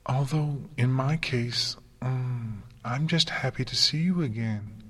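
A man voicing a shy, gentle young mare pony in a storybook reading, polite and hesitant. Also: mid-range voice, slow pace, slightly rough, voice pushed up.

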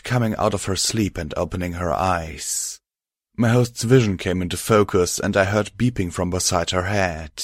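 A man reading a fan-fiction story aloud with a lively, expressive delivery. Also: low-pitched, no room sound, clean studio sound. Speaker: audiobook narrator.

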